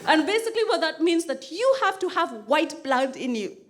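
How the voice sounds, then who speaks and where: A woman from Kenya performing a stand-up comedy set on a club stage, animated and acting out other people's voices. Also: sits high, moderate pace. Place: comedy club stage before a laughing audience. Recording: live club recording with audience laughter and noise.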